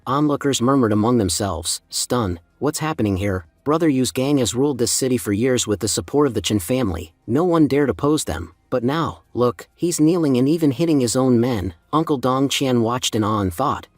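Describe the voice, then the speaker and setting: A man narrating a story recap in a steady scripted read, voicing all the parts in much the same even voice. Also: mid-range voice, moderate pace, hardly any pauses, dry recording, studio quality.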